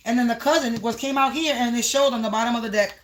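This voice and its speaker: Speaking quickly in a slightly high voice, this woman gives a tarot reading over livestream, talking to her audience as the collective in repetitive, half-rhymed phrasing. There's a little background noise.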